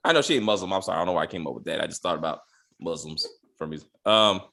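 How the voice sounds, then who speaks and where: A man's voice: low voice, very fast, gravelly, bright, forceful tone. A young man co-hosting a casual recap chat, ranting with profanity and acting out mock quotes. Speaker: podcast co-host.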